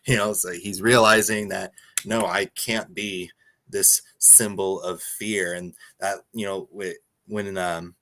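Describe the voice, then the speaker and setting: Low-voiced man chatting casually. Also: level tone, slow pace, sharp tone. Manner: casual, hesitant, acts out quotes. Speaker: podcast co-host. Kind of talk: casual chat.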